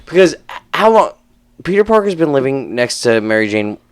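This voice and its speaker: A man's voice: mid-range voice, big pitch swings, normal speed, clear, resonant tone, dry recording. A man co-hosting a casual movie podcast, talking bluntly with swearing. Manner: blunt, profane, acts out quotes. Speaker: podcast co-host. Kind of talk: casual movie review chat.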